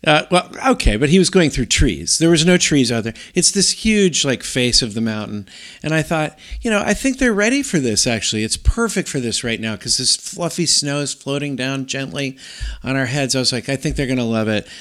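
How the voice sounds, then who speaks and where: Rambling storyteller man, animated. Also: mid-range voice, a little fast. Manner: animated, rambling with many restarts and "like". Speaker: guest telling a story. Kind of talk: casual storytelling.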